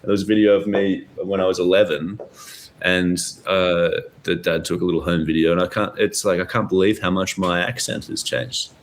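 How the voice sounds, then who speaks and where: A man's voice: low voice, fairly even intonation, moderate pace, slight background noise. A man with an Australian accent, a guest pianist chatting casually on a podcast, rambling and storytelling with lots of fillers. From Melbourne, Australia. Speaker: guest, jazz pianist and teacher.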